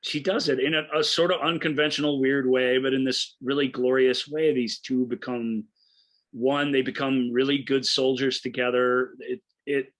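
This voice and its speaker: A man co-hosting a movie podcast, telling a film's story with eager, halting enthusiasm and many restarts. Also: mid-range voice, little pitch movement. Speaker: podcast co-host. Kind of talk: casual movie review chat.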